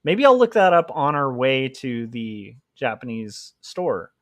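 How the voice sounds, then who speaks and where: A man's voice: medium pitch, sing-song, unhurried, no room sound. A man hosting a casual livestream while drawing, rambling and joking at his own expense. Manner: joking, rambling, self-mocking. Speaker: livestream host, comic artist.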